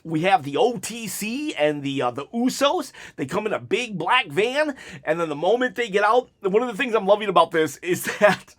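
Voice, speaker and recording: A man with a fairly high voice rambles through a wrestling recap in a one-take vlog. He talks loosely and animatedly, piling on asides and stopping to act out what the wrestlers said. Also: lively intonation, normal speed, a bit bright. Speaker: wrestling commentary youtuber.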